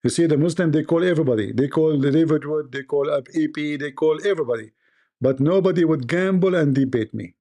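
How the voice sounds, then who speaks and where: Gravelly joking man telling stories. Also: fairly high pitch, fast, dark tone. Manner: laughs at own stories, acts out dialogue. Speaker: live stream host. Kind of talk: joking live-stream monologue.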